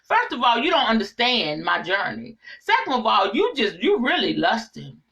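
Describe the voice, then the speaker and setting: A middle-aged woman giving a casual spiritual monologue to her viewers, animated and preachy, speaking straight to the audience. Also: fairly high pitch, moderate pace. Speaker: online inspirational speaker.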